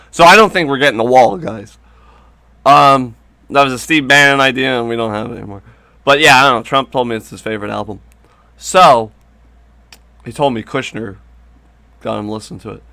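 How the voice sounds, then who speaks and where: A man's voice: mid-range voice, sharp tone, dry recording. A man hosting a crude, comedic commentary video, rambling and sarcastic, with frequent swearing. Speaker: commentary host.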